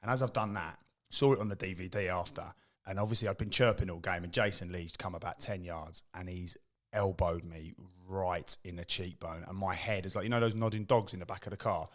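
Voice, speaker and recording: A middle-aged English man, a former footballer, telling lively stories on a podcast and acting out the quotes. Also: deep voice, brisk. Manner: animated storyteller, acts out quotes. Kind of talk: casual chat.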